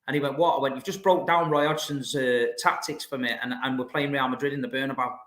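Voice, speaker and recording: A man's voice: mid-range voice, steady tone, fast, a bit bright. A man who is a podcast guest, telling anecdotes in a casual chat. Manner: chatty anecdote teller. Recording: roomy echo.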